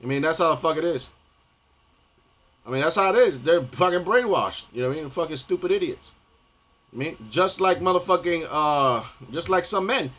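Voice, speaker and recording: A male streamer delivering a rambling, profane rant live, constantly repeating filler phrases and getting loud and heated at times. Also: fairly high pitch, animated, moderate pace. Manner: profane, rambling, repeats "you know what I mean".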